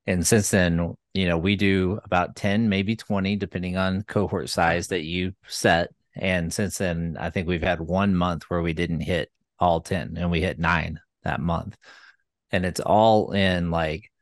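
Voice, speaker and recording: Very deep-voiced man, relaxed co-host. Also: a little slow, no room sound. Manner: relaxed, agreeable, retells calls with clients. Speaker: co-host, gym follow-up coach. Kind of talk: casual chat.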